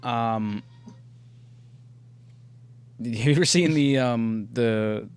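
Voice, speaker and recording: Laughing, animated young man chatting. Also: mid-range voice, drawn-out words, smooth, dry recording. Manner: laughing, animated storytelling with swearing. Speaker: podcast co-host. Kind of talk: casual chat.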